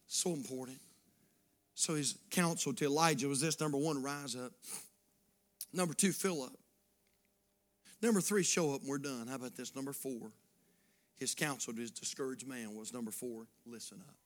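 A man preaching a sermon as pastor. He moves between hushed, near-whispered passages and loud, fervent calls, repeating phrases in a rhythmic exhortation. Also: medium pitch, moderate pace.

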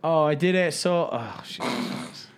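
A man with a fairly high voice tells a story among friends. He rambles and restarts often, casual and unpolished. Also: animated, a little fast, a little hiss or hum. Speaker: podcast co-host telling a story. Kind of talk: casual chat.

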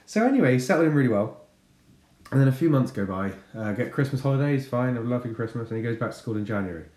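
A man in his thirties telling a funny story about his son in a casual, sweary, animated way. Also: mid-range voice, rapid-fire. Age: 30s. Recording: echoey room.

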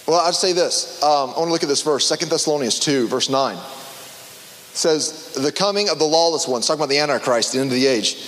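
A man preaching a casual sermon to a small group, conversational and animated, with frequent restarts and fillers. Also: a little high, big-room sound.

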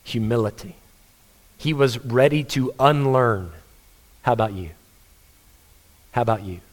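Casting: male pastor, mid-pitched voice, earnest conversational sermon delivery, storytelling. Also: measured pace.

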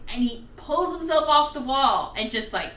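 Animated, swearing woman podcast host. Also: high voice, normal speed, recorded from a distance. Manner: animated, profane, ranting. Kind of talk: casual chat. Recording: roomy, off-mic.

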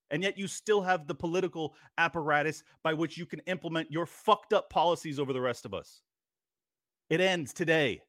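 A man's voice: fairly high pitch, a bit bright, dry recording. Ranting man on a dry close mic. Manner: ranting, profane, sarcastic. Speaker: podcast host. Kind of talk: angry political monologue.

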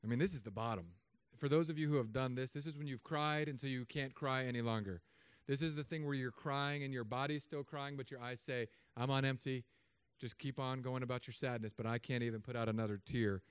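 Joking, animated man preaching a sermon. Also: medium pitch, brisk, few pauses, clear, resonant tone, no echo. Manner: humorous, animated storytelling with acted asides. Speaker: pastor.

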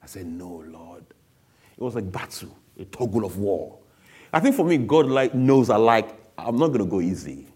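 A man's voice: lowish voice, sing-song, brisk, a little mellow, breathy edge. A man giving a candid, emotional personal testimony to an audience, speaking bluntly.

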